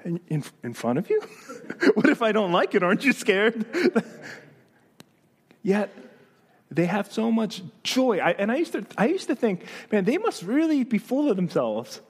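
High-voiced man preaching a lively sermon. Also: a little slow, slightly rough. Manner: animated preaching with rhetorical questions and humor. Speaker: pastor.

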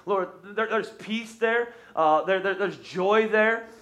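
Brief: male pastor, 30s, fairly high voice, lively sermon delivery, calls on the congregation to join in. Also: slow. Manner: energetic, urges the congregation to respond. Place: church stage.

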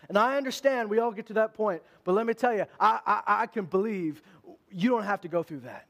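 A man preaching to his congregation with a high-pitched voice. He talks in a casual, conversational way and pushes his voice up to stress his points. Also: a little fast. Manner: animated, conversational preaching with emphatic rises. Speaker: pastor. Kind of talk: sermon.

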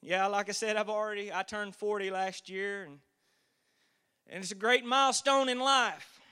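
A man's voice: sits high, moderate pace, pushed and bright, clean tone. A man in his forties preaching a sermon, with folksy storytelling that builds to fervent emphasis. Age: 40s.

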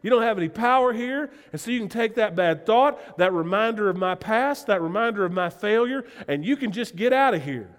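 A man's voice: high-pitched, expressive, fairly quick, hardly any pauses, long reverb tail. A man with a Southern US accent, preaching a conversational sermon as a pastor, earnest and emphatic, often turning to the listeners with direct questions. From Southern United States.

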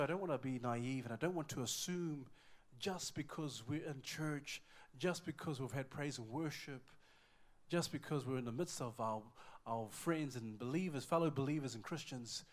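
A man preaching in a church, telling a personal story with strong emotion, repeating words and swinging between hushed and loud moments. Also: medium pitch. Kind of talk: sermon with personal testimony.

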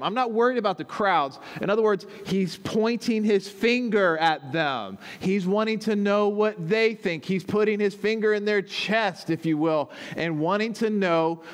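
A man's voice: high-pitched, normal speed, few pauses. A man, the pastor, preaching a teaching sermon, explaining step by step and checking in with his listeners as he goes.

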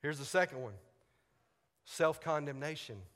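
A man's voice: fairly high pitch, measured pace, fairly bright tone. A man preaching a sermon, telling a personal story animatedly, acting out radio exchanges and laughing often. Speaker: pastor. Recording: long hall reverb.

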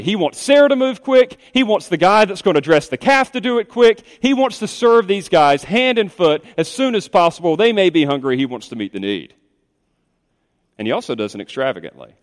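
In a large hall, a pastor with a slightly high voice preaches a sermon, speaking conversationally and putting questions to his congregation.

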